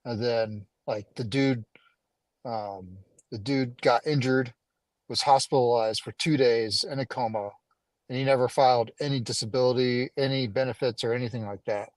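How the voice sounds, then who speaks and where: A man's voice: mid-range voice, fairly even intonation, normal speed, no echo. A man hosting an interview, asking probing questions and explaining how he helps veterans file. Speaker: host.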